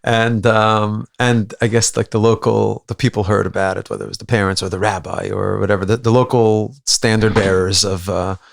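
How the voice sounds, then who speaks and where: A man who is a rabbi, a podcast guest telling a story in an animated way and acting out voices. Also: fairly low pitch, normal speed, vocal fry, few pauses, dry recording. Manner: animated, acts out voices, many restarts. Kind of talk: conversational storytelling.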